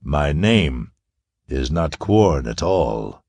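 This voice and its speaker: A man's voice: sits low, very animated, unhurried, dry recording, exaggerated voice. A man voicing a suave, gloating space villain. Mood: quietly menacing. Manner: ironical, soft-spoken menace.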